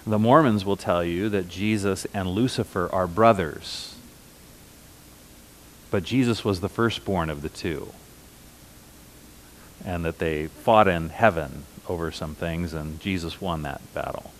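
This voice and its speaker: Low-voiced man preaching a sermon. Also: a little hiss or hum. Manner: conversational teaching with slow, emphatic repetitions. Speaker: pastor.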